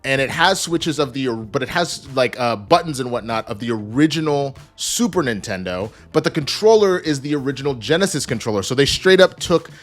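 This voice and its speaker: Male reviewer, 30s, casual vlog, animated and jokey, mid-pitched, light music behind. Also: brisk, few pauses. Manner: energetic, joking, swears, acts out characters. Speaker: show reviewer.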